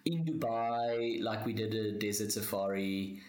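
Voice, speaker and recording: A South African man, a comedian guest, telling stories in a rambling, animated way during a casual podcast chat. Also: fairly low pitch, unhurried, roomy sound, low-quality recording. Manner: rambling, animated storytelling with swearing.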